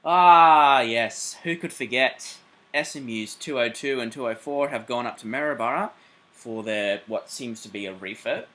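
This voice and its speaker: An Australian man hosting a casual railway vlog, excitable and chatty, swearing freely and filling pauses with "uh". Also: mid-range voice. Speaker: railway channel host.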